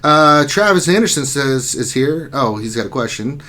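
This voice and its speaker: A man's voice: mid-range voice, animated, moderate pace, bright, forceful tone. A man hosting a casual livestream chat, joking around and reading viewer comments aloud. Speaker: livestream host.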